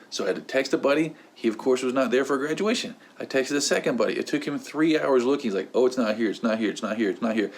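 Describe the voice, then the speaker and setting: A young man hosting his own channel, telling a long rambling story in a casual unboxing vlog. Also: mid-range voice. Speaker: host.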